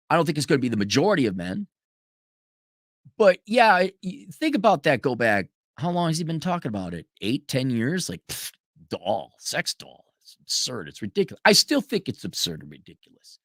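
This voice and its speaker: A man's voice: a little high, very animated, normal speed, pushed and bright, no echo, studio quality. A man hosting a commentary stream, ranting in a profane, sarcastic way and mocking people in put-on voices. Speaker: commentary show host. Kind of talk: livestream rant commentary.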